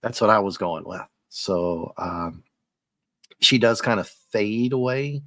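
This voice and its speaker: A man's voice: fairly low pitch, slow, bright, forceful tone, no room sound. A man giving a casual, rambling comic book review as he reads along, chuckling often.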